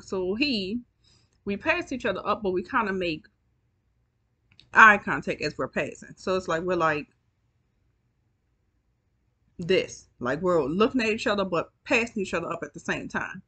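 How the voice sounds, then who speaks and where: A woman's voice: medium pitch, lively intonation, moderate pace, pauses often, bright, forceful tone, breathy edge. A woman telling a story to her viewers in a chatty, profane, casual way, yawning as she goes. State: yawning, sleepy. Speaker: storytime vlogger.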